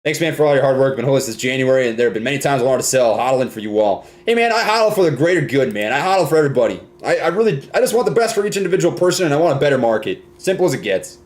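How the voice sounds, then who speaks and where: A man's voice: mid-range voice, big pitch swings, very fast, hardly any pauses. A young man from Minnesota hosting a casual live stream, reading viewer comments and often ending lines with "right?" and "man".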